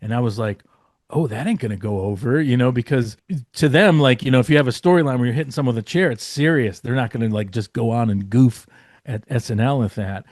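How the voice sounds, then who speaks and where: A man spins a loose, rambling backstage story, stuffed with "like" and "you know" and the odd curse. His voice sits at an ordinary middle pitch. The recording is dry and close, with no room sound. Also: fast, darkish tone, no echo. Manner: rambling, many fillers and restarts, swearing. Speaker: guest writer. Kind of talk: casual storytelling.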